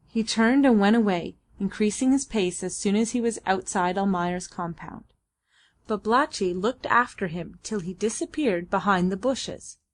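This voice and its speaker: A woman giving a steady, even audiobook narration. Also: mid-range voice, normal speed. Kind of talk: scripted narration.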